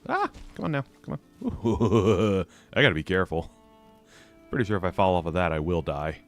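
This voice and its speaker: Chatty low-voiced man streaming a game. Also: big pitch swings, normal speed, faint music behind. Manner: chatty, self-mocking, laughs often. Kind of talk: live game stream commentary.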